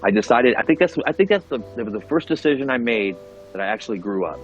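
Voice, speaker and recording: Fast-talking earnest man telling his story. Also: mid-range voice, dull audio, faint music behind. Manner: earnest, animated, keeps checking in with "right?" and "you know what I mean?"; repeats and restarts words when going fast. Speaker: podcast guest sharing his recovery story. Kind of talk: casual conversational storytelling.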